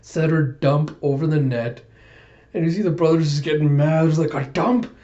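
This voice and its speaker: A man's voice: fairly high pitch, steady tone, normal speed, warm tone, highs cut off. A young man hosting a podcast, chatting and giggling as he recaps a manga chapter. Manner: chatty, giggly, retells scenes with quoted voices. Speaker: podcast host.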